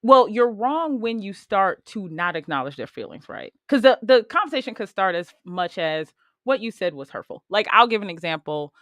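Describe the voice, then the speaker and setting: A woman hosting a podcast in casual chat, telling stories in a matter-of-fact, animated way. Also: mid-range voice, normal speed, no echo, clean studio sound. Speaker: podcast host.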